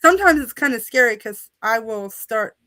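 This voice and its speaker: A woman, answering interview questions in a relaxed, hesitant way. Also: fairly high pitch, moderate pace, no echo. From Oklahoma, USA. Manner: relaxed, hesitant, with fillers and laughs. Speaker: guest.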